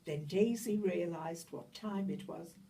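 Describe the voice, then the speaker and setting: Puppet-show narrator, woman, slow and expressive, recorded from a distance with soft hiss. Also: lowish voice, creaky. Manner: slow, expressive, exclamatory storytelling. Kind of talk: children's puppet show storytelling. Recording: distant mic, faint room hiss.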